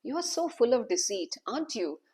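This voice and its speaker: A woman's voice: medium pitch, moderate pace, gravelly, a little mellow, husky. Woman voicing a furious, wounded old sage. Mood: accusing. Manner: bitter, accusing outbursts.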